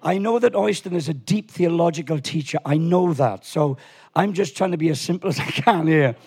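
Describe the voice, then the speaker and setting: A man preaching a lively sermon in a church, animated and swinging from quiet asides to shouts. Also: a little high, moderate pace, breathy edge. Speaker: pastor.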